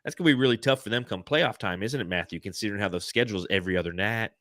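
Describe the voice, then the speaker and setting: A man's voice: fairly low pitch, rapid-fire, fairly bright tone, no room sound, clean studio sound. A man hosting a casual sports podcast, joking around and sometimes slipping into a put-on cowboy drawl. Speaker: podcast host.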